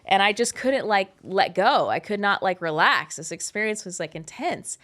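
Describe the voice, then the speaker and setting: A woman in her thirties telling a personal story in a casual, animated, candid way, with frequent swearing. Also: medium pitch, normal speed. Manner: animated, candid and profane, with many "like" fillers. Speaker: host.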